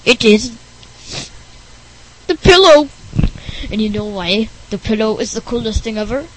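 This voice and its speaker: A woman's voice: fairly high pitch, animated, slight background noise, low-quality recording. A woman hosting a playful homemade podcast, goofy and teasing. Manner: goofy, teasing, slow-talking. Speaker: podcast host.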